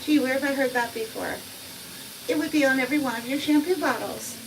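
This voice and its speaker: A woman cat groomer gives a live grooming demo, cooing to the cat in playful, sing-song baby talk. Her voice is high and slightly quick, and there's loud noise in the background.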